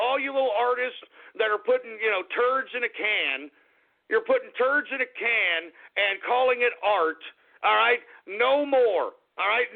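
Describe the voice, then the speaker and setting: A man's voice: high-pitched, gravelly. A man hosting a political commentary show, reading items aloud and ranting about them with exasperated, sarcastic asides. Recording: tinny phone-like line.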